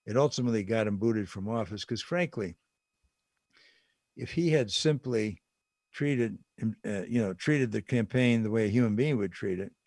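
A man's voice: fairly low pitch, moderate pace, a little mellow, no echo, studio quality. An older man giving casual political commentary, talking conversationally and repeating phrases for emphasis.

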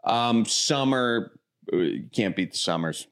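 Laid-back man with a low voice. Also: animated, measured pace. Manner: easygoing, rambling, laid-back answers. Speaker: guest answering rapid questions. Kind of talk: casual chat.

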